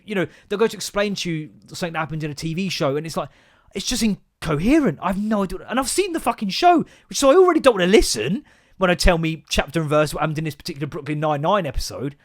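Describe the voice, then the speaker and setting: Podcast guy ranting, swears a lot, quick talker. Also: sits high. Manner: sweary, exasperated storytelling. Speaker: podcast host. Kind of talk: casual solo podcast rant.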